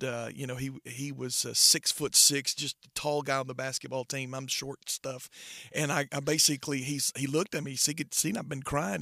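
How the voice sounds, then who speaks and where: A man's voice: medium pitch, creaky, bright, forceful tone, dry recording, studio quality. A middle-aged man, a pastor, telling his testimony earnestly in an interview, with frequent halts and restarts. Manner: earnest, halting with many restarts. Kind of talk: personal testimony in conversation.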